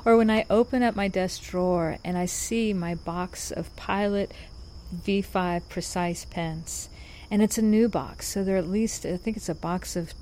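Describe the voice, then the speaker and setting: A woman's voice: medium pitch, a little mellow, slight background noise. Chatty woman in her fifties. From North Carolina. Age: 50s. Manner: rambling and chatty, many restarts and asides. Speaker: podcast host. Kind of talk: casual monologue.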